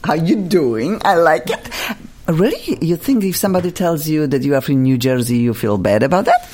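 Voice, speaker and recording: A woman's voice: low voice, lively intonation, brisk, darkish tone. A woman with a Polish accent hosting a talk radio show, effusive and laughing often as she praises her guests. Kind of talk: bubbly talk radio chat.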